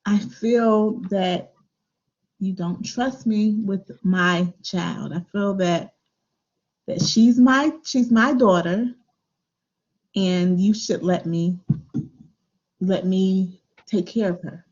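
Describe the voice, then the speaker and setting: A woman's voice: mid-range voice, slow, pauses often, a little mellow. A woman playing an adult daughter in a role-play, speaking hesitantly and repeating words. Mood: pleading. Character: adult daughter pleading to care for her child. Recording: muffled lo-fi recording.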